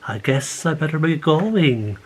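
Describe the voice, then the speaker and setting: A man voicing an old river come back to visit, friendly and wistful, in a slow, low delivery while reading his poem aloud. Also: animated, a little hiss or hum.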